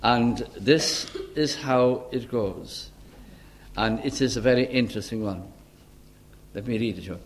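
A man preaching an expository sermon in a measured, earnest way, often pausing with "uh" as he works through a passage. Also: medium pitch.

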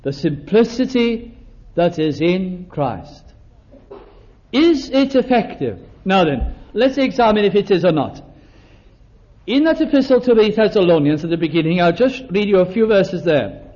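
Older preacher, high voice, lo-fi. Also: male voice, sing-song, a little mellow. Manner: slows down for emphasis, acts out little dialogues. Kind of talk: sermon. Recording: dull lo-fi recording.

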